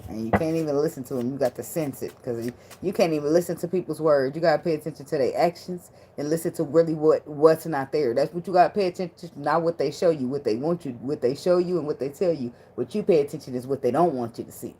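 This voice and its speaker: A woman's voice: deep voice, quick pace, hardly any pauses, dark tone, breathy edge. A woman giving a casual tarot reading in loose slang, blunt and profane, with a lot of laughter. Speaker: tarot reader.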